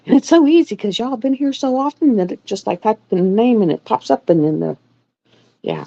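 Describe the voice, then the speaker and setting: A middle-aged woman sews while hosting a livestream, chatting casually and rambling through stories. Her voice is on the high side, lively and a little fast, gravelly yet warm. The sound is dull, dry, and lo-fi.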